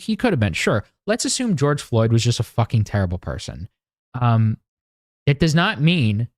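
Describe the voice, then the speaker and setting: A man's voice: medium pitch, no room sound, clean studio sound. A young man hosting a livestream, ranting casually about politics in a rambling, profane way with many fillers and restarts. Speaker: livestream host.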